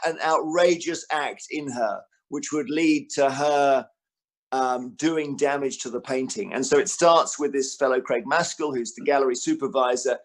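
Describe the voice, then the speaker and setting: A man talking as an author at a book festival interview, an animated storyteller who acts out quotes, with frequent restarts. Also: medium pitch.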